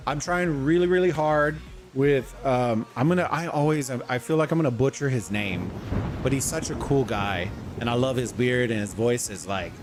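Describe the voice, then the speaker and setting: A man hosting a casual gaming livestream, talking loosely, rambling and greeting viewers from chat, with faint music behind him. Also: mid-range voice. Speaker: livestream host. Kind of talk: casual gaming stream commentary.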